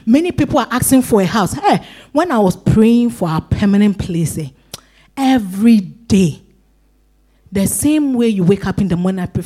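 Woman pastor, fairly high voice, urgent exhorting sermon delivery. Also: warm tone. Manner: exhorting, rising to high emphatic pleas.

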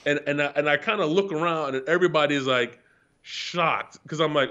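A man, profane, animated storyteller, slightly muffled. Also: on the high side, fairly quick. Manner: animated, profane, laughs through stories. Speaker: guest, retired pro athlete. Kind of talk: casual storytelling chat. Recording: slightly dull lo-fi sound.

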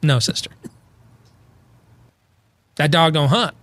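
A man's voice: slow pace, fairly bright tone. A male talk show host, sarcastically paraphrasing others in comedic political talk with sudden put-on voices. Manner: sarcastic, mocking paraphrase with sudden high impressions.

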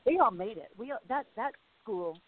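A woman guest in a casual interview, telling stories in a rambling, animated way. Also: fairly high pitch, moderate pace, breathy edge. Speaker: podcast guest. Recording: phone-like line with faint hiss.

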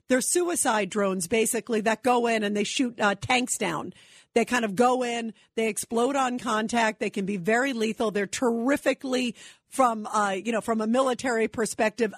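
A woman's voice: high-pitched, slightly rough, no room sound, clean studio sound. A woman hosting call-in talk radio, firing off indignant rhetorical questions in a political monologue. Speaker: radio talk show host.

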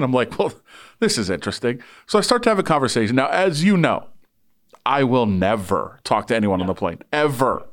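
A man's voice: medium pitch, a little fast. Sports reporter guy spinning a story, voice bounces all over, does little voices for people. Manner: animated, voices people in anecdotes. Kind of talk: casual storytelling on a podcast.

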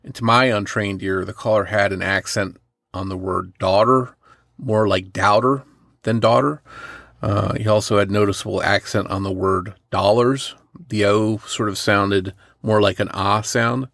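A man from New Jersey co-hosting a true crime podcast, talking in a careful, measured and analytical way. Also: lowish voice, steady tone, gravelly, a bit bright, no echo, clean studio sound. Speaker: podcast co-host.

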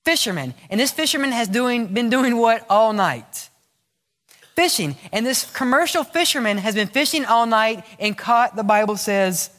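A male pastor with a high, pushed, bright voice preaches a sermon in a church sanctuary. He poses questions to the congregation, answers them himself, and acts out short prayers and replies, all under long, echoing reverb.

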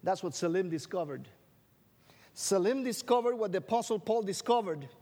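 A man's voice: sits high, lively intonation, normal speed, dark tone. A man preaching a sermon to an audience, drawing out scripture phrases for emphasis and tossing in questions and jokes. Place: large hall with an audience. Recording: long reverb of a large hall.

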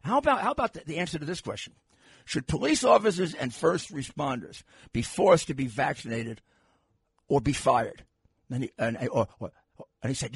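An older man hosting a political talk radio show, animated and restarting his phrases as he talks. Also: on the high side, normal speed, vocal fry, husky, no room sound, clean studio sound.

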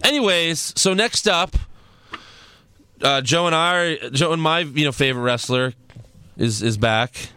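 Bright-voiced young man recapping wrestling. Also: fairly high pitch, animated, measured pace, pauses often, clean tone, dry recording. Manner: loose, rambling, swearing. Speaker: podcast host. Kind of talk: casual wrestling recap chat.

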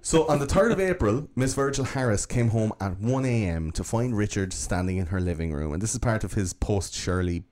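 A man's voice: on the low side, animated, brisk, few pauses, a little mellow. A man hosting a podcast, telling a true-crime story in a casual, profane, joking way. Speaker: podcast host.

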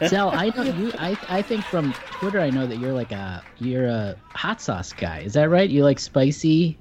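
A man's voice: on the high side, very animated, moderate pace, noisy background. A man co-hosting a casual chat, making wry, teasing asides. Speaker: co-host.

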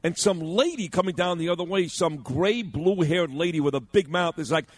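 A man's voice: fairly high pitch, a little fast, few pauses. A man co-hosting talk radio, telling a story with indignant emphasis and acting out the exchanges. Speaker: radio talk show co-host.

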